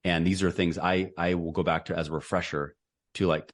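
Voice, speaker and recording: A man's voice: low voice, little pitch movement, brisk. A middle-aged man speaking as an interview guest and author, earnest and rambling, often restarting his sentences. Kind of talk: casual interview conversation.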